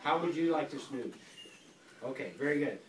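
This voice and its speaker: An older grandfather reading a picture book aloud to a school class in a playful, animated way, stopping often to quiz the children. He is recorded from across an echoey classroom full of kids. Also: on the high side, normal speed, recorded from a distance, a little hiss or hum. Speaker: guest reader, grandfather.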